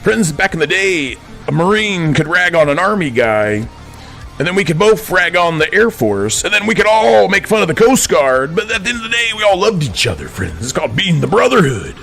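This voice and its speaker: A man, a veteran, delivering a preachy, indignant monologue to his viewers, calling them friends, swinging between quiet asides and outbursts. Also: on the high side, creaky. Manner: addresses listeners as friends constantly, indignant, swings between soft and shouting. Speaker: veteran vlogger.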